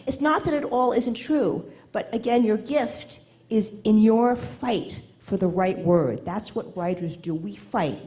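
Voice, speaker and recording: A woman's voice: on the high side, dark tone, low-quality recording. A woman writing coach giving an emphatic, teasing talk to a live audience, often checking in with "okay?". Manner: emphatic, teasing, quick asides asking "okay?". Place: event hall with an audience.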